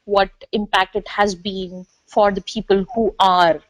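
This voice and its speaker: A woman agile coach explaining her ideas in a casual panel discussion, pausing with fillers and clearing her throat. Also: medium pitch, level tone, dry recording, low-quality recording.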